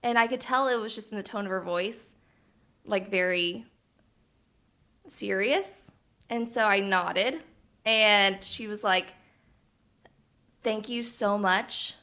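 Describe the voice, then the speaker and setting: Bright-voiced young woman telling a story. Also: mid-range voice, takes it slowly, pauses often. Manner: earnest, gets emotional, laughs between phrases. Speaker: podcast co-host. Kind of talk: casual podcast chat, telling a personal story.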